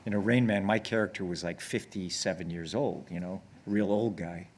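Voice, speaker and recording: Lower-voiced man telling rambling stories. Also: normal speed, heavy background noise. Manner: rambling anecdotes with many restarts; grows excited and laughs when telling stories. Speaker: actor guest. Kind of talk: casual on-stage conversation. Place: on stage before an audience.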